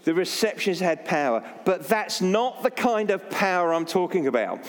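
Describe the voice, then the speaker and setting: Older Baptist preacher, self-deprecating storyteller, lively delivery, reverberant church. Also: male voice, sits high, normal speed, hardly any pauses. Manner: jokey, anecdotal, self-deprecating. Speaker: Baptist pastor. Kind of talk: sermon.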